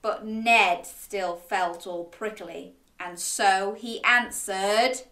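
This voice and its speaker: A woman reads a children's picture book aloud, slowly and expressively, with a bright, lively, swooping voice. She invites young listeners to join in. Her voice echoes in the room around her. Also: mid-range voice. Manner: animated, interactive, asking listeners to join in. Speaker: children's storyteller.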